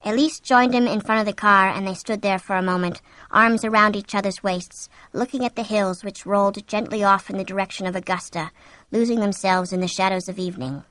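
A woman narrating a story in steady scripted narration, drawing out tense moments. Her voice is bright and forceful, recorded close and completely dry. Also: mid-range voice, no room sound. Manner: steady storytelling, slowing for tension. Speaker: audiobook narrator.

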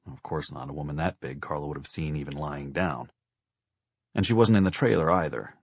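A man narrating an audiobook in a steady, measured storytelling manner. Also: very deep voice, no echo.

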